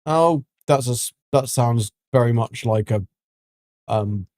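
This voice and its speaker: A man's voice: medium pitch, takes it slowly, a little mellow, dry recording. Guy rambling through a game stream, lots of ums, mid voice, dry sound. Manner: rambling and chatty, with many ums and restarts. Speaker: livestreaming gamer. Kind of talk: casual livestream chat while gaming.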